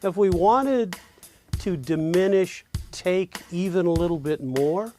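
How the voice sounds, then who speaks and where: Faint music plays behind a man whose high voice is a little mellow. Teaching songwriting, he walks slowly through lyric stress and rhythm, counting beats and reciting example lines.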